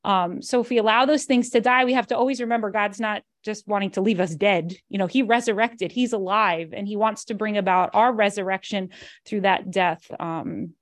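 Religious sister with a New York accent. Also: female voice, medium pitch, normal speed, no echo, clean studio sound. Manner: animated, laughs while telling stories. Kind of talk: casual spiritual talk.

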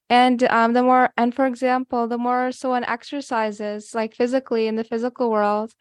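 Earnest woman, devotional sharer, slightly high and flat, dry close sound. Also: no room sound. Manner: earnest, many fillers, reads passages aloud. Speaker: guest speaker. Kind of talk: devotional sharing.

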